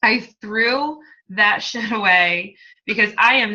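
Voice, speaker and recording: A woman's voice: medium pitch, slow pace, sharp tone, muffled recording. A woman coach talking as a guest, candid and emotional, chatty and laughing as she tells her story. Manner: talkative, emotional, laughs often. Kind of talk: candid testimonial talk.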